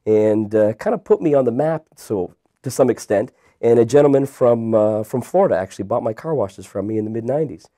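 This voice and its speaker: A Canadian man in his thirties, a guest entrepreneur telling his story in a relaxed, rambling interview style. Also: medium pitch, a little fast, few pauses. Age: 30s. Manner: relaxed, rambling with many fillers and restarts.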